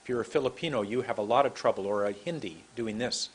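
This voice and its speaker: Male pronunciation teacher, emphatic, husky tone, talking to camera. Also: on the low side. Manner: drawn-out emphatic delivery, demonstrating mouth positions. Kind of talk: slow deliberate teaching to camera. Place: room with a computer and camera.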